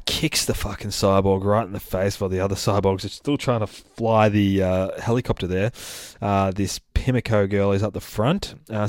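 A man's voice: lowish voice, darkish tone, dry recording, studio quality. A man casually retelling a comic book story, swearing freely and laughing at his own rants. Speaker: comic book podcast host. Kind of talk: casual profane comic recap.

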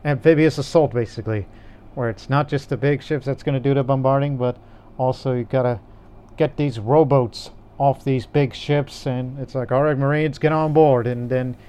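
A man's voice: mid-range voice, fairly even intonation, normal speed, dark tone, clean tone. A man co-hosting a casual gaming podcast, rambling in an easygoing way with frequent restarts. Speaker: podcast co-host.

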